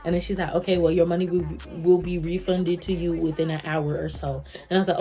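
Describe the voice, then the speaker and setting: A young woman vlogger tells a storytime rant and acts out both sides of an argument as she goes. Her voice sits a little low and runs lively. Faint music plays behind her. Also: fast talker, hardly any pauses.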